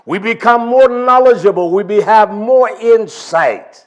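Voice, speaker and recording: Male preacher, higher voice, slow emphatic delivery with big swings in pitch. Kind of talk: sermon.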